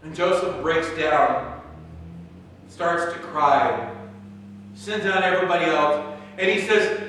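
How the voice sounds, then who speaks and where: A man's voice: a little high, slow, long pauses, a bit bright, recorded from a distance, slight background noise. A male pastor preaching a sermon in a church, telling the story dramatically and acting out its scenes. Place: church sanctuary. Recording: echoey church hall, mic from afar.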